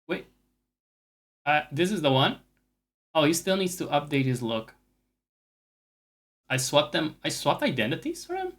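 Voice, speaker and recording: A man's voice: a little high, big pitch swings, measured pace, long pauses, a bit bright. A man chats away on a live game stream, cracking jokes at his own expense and swearing freely. His talk is loose and unscripted, and he comments on the game as it happens. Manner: profane, joking, self-mocking. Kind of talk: casual live gaming commentary.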